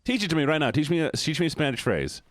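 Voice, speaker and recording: A male streamer giving excitable, casual commentary on a game, swearing and laughing as he goes. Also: fairly high pitch, racing.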